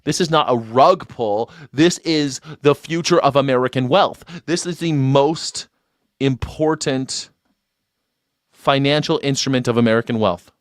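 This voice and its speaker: A man's voice: medium pitch, measured pace, no room sound, clean studio sound. A man hosting a live call-in show, talking in a mocking, sarcastic way and laughing often. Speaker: livestream show host.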